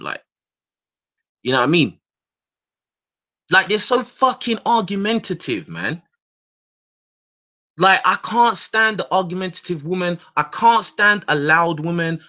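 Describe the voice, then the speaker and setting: A man's voice: a little high, pushed and bright. Heated, profane man ranting solo. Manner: heated, profane, repeats and restarts words. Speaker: radio show host. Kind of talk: casual ranting monologue. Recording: dull lo-fi recording.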